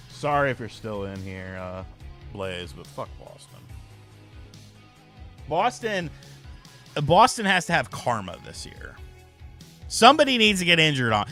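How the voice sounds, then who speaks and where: A young man chatting casually on a live stream, his voice bright and animated as he rambles through a story. He swears freely and talks loosely, with faint music playing behind him. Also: a little high.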